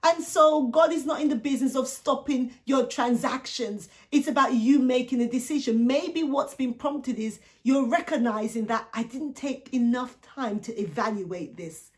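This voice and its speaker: Speaking straight to her audience, a high-voiced woman who works as a Christian life coach leads a faith-based coaching talk. Along the way she throws out rhetorical questions and acts out the characters in the story she tells.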